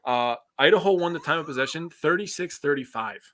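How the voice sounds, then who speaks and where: A man co-hosting a laid-back sports podcast, reading football stats with halting pauses and joking between them. His voice is bright, and the sound is close and dry. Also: a little high, lively intonation, no room sound. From United States. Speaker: podcast co-host. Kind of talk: casual sports talk chat.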